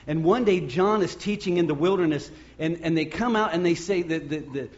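A man preaching a sermon, retelling scripture stories with lively acted voices and quotes. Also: fairly high pitch, a little fast. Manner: storytelling preacher acting out scripture scenes. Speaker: pastor. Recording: lo-fi muffled sound.

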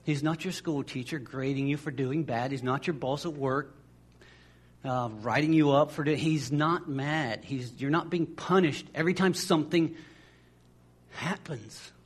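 Male pastor, husky and fairly high, chatty sermon that stumbles and restarts, acts out the voices in his stories. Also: unhurried. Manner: conversational, repeats words as he restarts phrases.

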